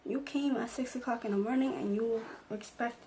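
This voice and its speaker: A woman's voice: a little high, normal speed, dark tone, slight background noise. A young woman vlogger telling an emotional personal story, acting out the lines of the people in it. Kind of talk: storytime vlog.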